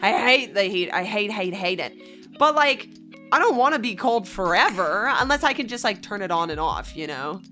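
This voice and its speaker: A woman's voice: mid-range voice, animated, normal speed, pushed and bright, faint music behind. A young Australian woman streaming, chatting casually and giggly with her viewers. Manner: bubbly, giggly, chats with viewers. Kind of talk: casual livestream chat.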